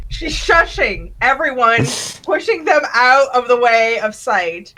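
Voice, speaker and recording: A woman's voice: fairly high pitch, expressive, takes it slowly, sharp tone, slight background noise, rough recording. A woman player in a tabletop game, playfully describing her character's actions. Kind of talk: casual tabletop play.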